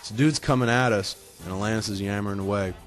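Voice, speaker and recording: Profane, self-mocking low-voiced man. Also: fairly even intonation, quick pace. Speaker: podcast host. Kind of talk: casual comic storytelling. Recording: music playing behind the voice.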